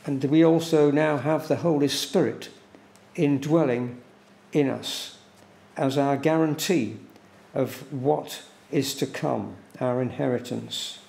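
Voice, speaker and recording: A man preaching a sermon in a church, slow and deliberate, repeating words for emphasis. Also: mid-range voice, gravelly, a little mellow. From England. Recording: echoey church room.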